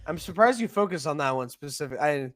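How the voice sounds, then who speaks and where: Playful jokey man, slightly high voice. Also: animated, fairly bright tone. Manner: playful, jokey, lots of "like" and quick interjections. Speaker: podcast co-host. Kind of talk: casual reaction discussion.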